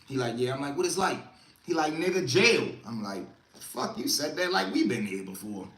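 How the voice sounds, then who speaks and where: A man's voice: mid-range voice, expressive, normal speed, a bit bright, reverberant. A young man telling a story to a live stream chat in a casual way, acting out other people's voices as he goes. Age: young adult. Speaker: livestream storyteller.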